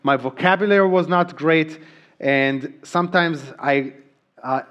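A man's voice: a little high, measured pace, a bit bright, dull audio. A middle-aged man from Israel, a native Hebrew speaker with an Israeli accent, preaching a sermon in an earnest way with frequent ums and restarts. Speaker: pastor.

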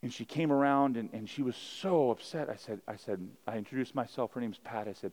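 Male pastor at the pulpit, mid-pitched, chatty storyteller who builds to preached emphasis. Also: brisk, few pauses, darkish tone. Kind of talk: sermon.

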